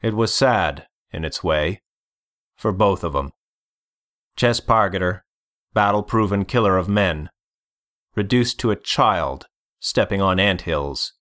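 A man reading a story aloud as narrator, deliberate and measured. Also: deep voice, expressive, fairly bright tone. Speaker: audiobook narrator. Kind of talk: scripted narration.

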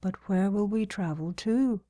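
A woman voicing a serious, respectful young woman, earnest and soft-spoken. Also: mid-range voice, unhurried, close to an everyday voice.

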